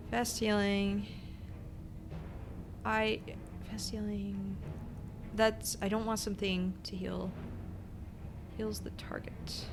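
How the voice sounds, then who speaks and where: Bright-voiced chatty woman streamer. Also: mid-range voice. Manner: chatty and rambling, self-conscious, giggly. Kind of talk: casual gaming stream chat.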